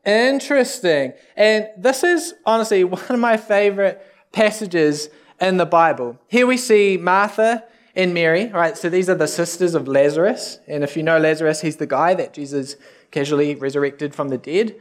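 A youth pastor preaches in a high, light voice. His delivery is casual and conversational, with joking, self-deprecating asides to the listeners. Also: normal speed. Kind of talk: sermon.

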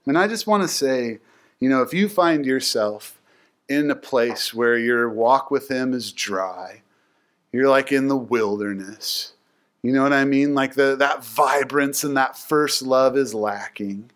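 Male Bible teacher, casual and animated, filler-heavy storytelling. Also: medium pitch, slow.

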